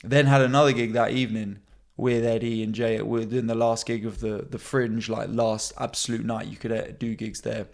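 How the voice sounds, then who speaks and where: A young comedian with a gravelly edge to his middle-pitched voice, rattling off stories from his own life. He keeps it casual and animated, and his voice shoots up high whenever he imitates the people in his stories. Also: normal speed. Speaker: comedian and podcast host. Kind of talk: casual storytelling monologue.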